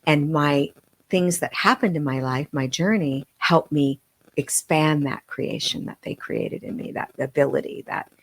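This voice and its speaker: A middle-aged woman, a guest on a podcast, telling personal stories in an earnest, heartfelt way with halting restarts. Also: low voice. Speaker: podcast guest, medium and author. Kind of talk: emotional personal storytelling.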